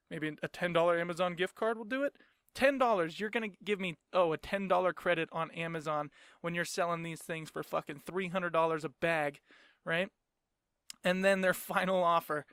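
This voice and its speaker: A young man hosts his own podcast, delivering a sarcastic, profane solo rant and laughing often. His voice is high-pitched, a bit bright, and smooth. The recording is clean studio sound with no room sound.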